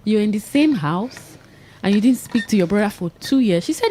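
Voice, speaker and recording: A woman's voice: mid-range voice, lively intonation, moderate pace, mellow. Nigerian woman co-host telling a story, sounds like she can't believe it, faint hiss behind. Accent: Nigerian English. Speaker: radio co-host. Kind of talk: casual radio chat.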